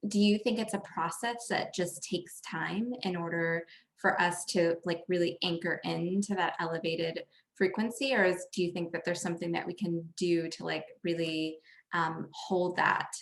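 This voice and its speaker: Soft-spoken female host, filler-heavy. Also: fairly low pitch, creaky. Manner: filler-heavy, searching phrasing with many likes and ums. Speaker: podcast host. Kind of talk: interview questions.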